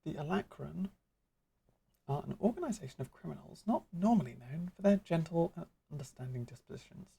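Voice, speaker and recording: Lady doing a pompous old-style mage mentor, slow and grand, gravelly dark voice, kinda husky. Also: sits low, expressive, exaggerated voice. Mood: grandiose. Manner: florid, archaic, lecturing delivery. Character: grandly theatrical magic guild master mentor.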